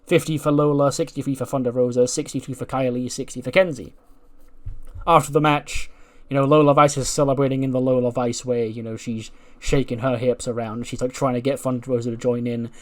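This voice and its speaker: A man's voice: mid-range voice, steady tone, brisk. A man casually narrating a wrestling booking game in a rambling style full of fillers. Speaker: let's play host.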